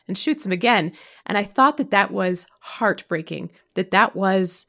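A woman co-hosting a casual podcast discussion, talking in an emotional, expressive way. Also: medium pitch, unhurried. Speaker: podcast co-host. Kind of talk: casual chat.

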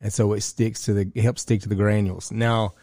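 A roofing contractor telling rowdy stories with swearing in a casual podcast chat. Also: male voice, fairly low pitch, level tone, a little fast, dark tone, dry recording, studio quality. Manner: storytelling with laughs and cursing.

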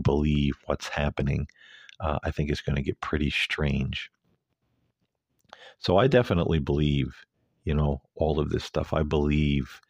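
A man's voice: rumbling low, dry recording. A man hosting an earnest, rambling monologue, talking casually with lots of fillers into a close mic. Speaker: host.

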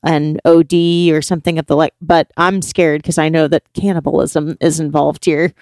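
Male co-host, gravelly and slightly high, short reactive replies, dry close mic. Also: little pitch movement, normal speed, a little mellow, no echo. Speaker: podcast co-host. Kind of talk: casual chat.

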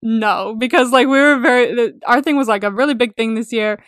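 Excitable woman recapping a movie. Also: on the high side, quick pace, clear, resonant tone, no echo, clean studio sound. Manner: enthusiastic, swears casually, laughs often. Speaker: podcast co-host. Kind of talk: casual movie recap chat.

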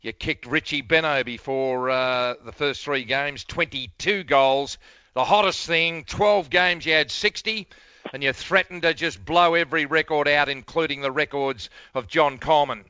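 An Australian man hosting a radio interview, with a brisk, punchy announcer delivery. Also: fairly high pitch, bright, forceful tone, smooth, dry recording, muffled recording. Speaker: radio host.

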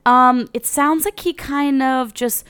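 A woman's voice: high-pitched, fairly even intonation, slow pace, fairly bright tone, smooth. A young woman co-hosting a podcast in casual chat, loose and profane with lots of fillers. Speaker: podcast co-host.

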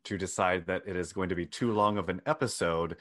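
Dry-humored, low-voiced man co-hosting. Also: fairly bright tone. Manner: dry, wry storytelling with deliberate emphasis. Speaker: podcast co-host. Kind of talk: casual chat.

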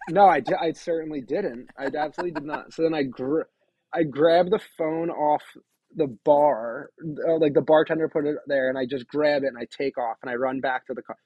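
A man co-hosting a podcast, telling a story in a casual, animated, self-deprecating way. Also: a little high, fairly quick, breathy edge, no room sound, highs cut off. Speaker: podcast co-host.

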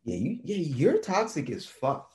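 Man, northern US accent, lively pitch swings, teasing, casual podcast banter. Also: a little slow. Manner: teasing, animated. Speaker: podcast co-host. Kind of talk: casual chat.

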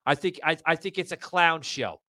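A man's voice: on the high side, moderate pace, sharp tone, no echo. A man hosting a political talk show, ranting heatedly, swearing a lot and stumbling over repeated restarts. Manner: swears a lot, stammering restarts, gets fired up. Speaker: podcast host. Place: live audio room broadcast.

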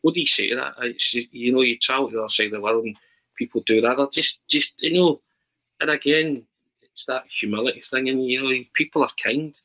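A man, a podcast guest, telling a travel anecdote in a halting, animated way with many restarts. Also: mid-range voice, poor audio. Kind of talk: casual storytelling.

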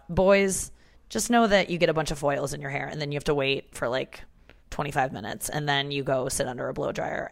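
A woman comedian hosting a casual podcast, chatty and rambling with lots of fillers, recorded on the go in the back room of a hair salon. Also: low voice. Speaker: comedian and radio host. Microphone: portable setup recorded on the go, not a studio.

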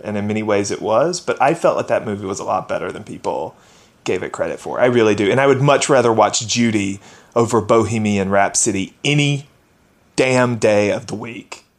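A man talking as a guest on a podcast, chatty and gossipy, with lots of fillers. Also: on the low side. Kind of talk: casual chat.

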